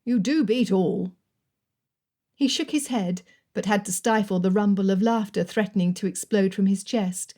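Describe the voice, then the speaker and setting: A woman narrating a romance audiobook in a measured, even storytelling manner. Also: medium pitch. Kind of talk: scripted narration.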